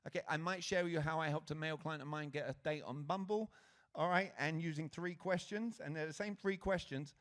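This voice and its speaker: Man, Britain-raised, slightly high voice, energetic conference speaker, audience-interactive. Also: fairly quick. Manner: lively, engaging the crowd with questions. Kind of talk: motivational stage talk to an audience. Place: conference stage before a live audience. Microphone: handheld stage mic.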